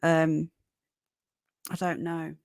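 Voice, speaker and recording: A woman's voice: sits low, flat delivery, very slow, vocal fry, darkish tone, no room sound, clean studio sound. A woman hosting a casual livestream, chatting with viewers and thanking them by name. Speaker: livestream host.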